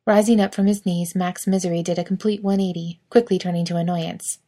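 A woman narrating a story in a calm, even reading voice. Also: lowish voice, brisk, few pauses.

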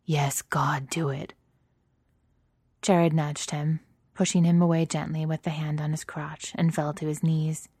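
A woman reading erotic fiction aloud in a soft, intimate, steady manner, slipping into breathy whispers at times. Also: sits low, moderate pace, no room sound, clean studio sound. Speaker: narrator.

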